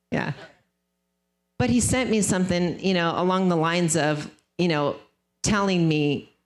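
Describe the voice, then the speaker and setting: A woman speaking at a sales leadership seminar, emphatic and casual, often repeating phrases for effect. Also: mid-range voice. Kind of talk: motivational seminar talk.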